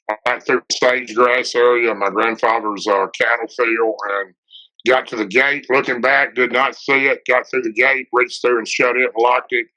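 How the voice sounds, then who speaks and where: Bright-voiced Tennessee man telling a story. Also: mid-range voice. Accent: Southern US, Tennessee. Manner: rambling, lots of "and, uh" fillers. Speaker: guest telling an encounter story. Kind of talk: casual storytelling. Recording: dull lo-fi podcast audio.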